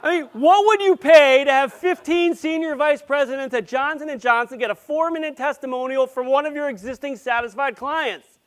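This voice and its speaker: A man giving a live conference presentation, playful and jokey, with quick asides to the audience. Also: very high-pitched. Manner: grows loud and excited as he goes. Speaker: conference speaker.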